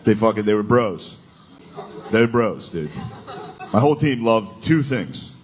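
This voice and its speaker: A man's voice: lowish voice, animated, unhurried, noisy background. A male stand-up comedian telling crude, rambling stories, often breaking into laughter. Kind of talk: stand-up set.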